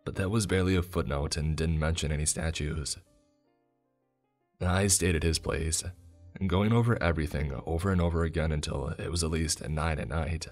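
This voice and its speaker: A man reading a first-person horror story as scripted narration, in a steady, measured storytelling manner. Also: a bass voice, faint music behind.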